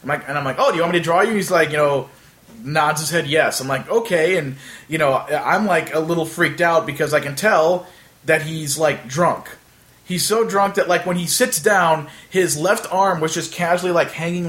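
A man's voice: on the high side, moderate pace, a bit bright. A man casually telling a long anecdote in a chat, rambling with many fillers and acting out the other people in it.

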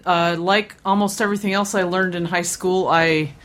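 Dry, low-voiced female podcast co-host. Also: fairly even intonation, normal speed, fairly bright tone. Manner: laid-back, dry and dismissive in banter. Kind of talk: casual chat.

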